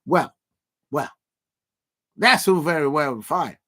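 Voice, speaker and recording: A man's voice: a little high, lively intonation, slow, bright, forceful tone. Teasing chatty man. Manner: teasing, repeats himself, laughs often. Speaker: livestream host. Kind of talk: casual live-stream chat.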